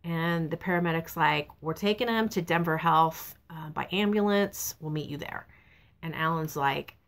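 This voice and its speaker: A middle-aged woman talks casually to her camera, her voice sitting low. She tells a family story in a chatty, rambling way, acting out what others said. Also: normal speed, fairly bright tone. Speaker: vlogger. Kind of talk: casual personal vlog. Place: truck stop, outdoors.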